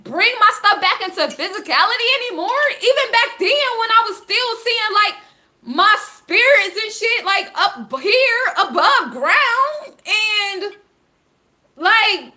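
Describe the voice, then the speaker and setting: A woman, talking to her viewers in an animated, frustrated, laughing rant about spirituality. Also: extremely high pitch. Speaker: vlogger. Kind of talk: casual spiritual rant to camera.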